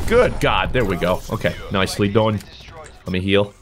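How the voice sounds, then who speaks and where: A young man giving playful, jokey commentary over his own gameplay, trash-talking and yelling with sudden bursts of excitement. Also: fairly low pitch, fairly quick. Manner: playful, jokey trash talk, animated outbursts. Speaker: gaming YouTuber. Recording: game audio with gunfire and music behind.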